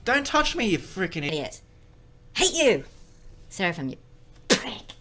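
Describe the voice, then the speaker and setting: Field list: a man doing a shrill scolding alter ego. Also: sing-song, normal speed, bright, forceful tone, full character voice. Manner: insulting, exasperated.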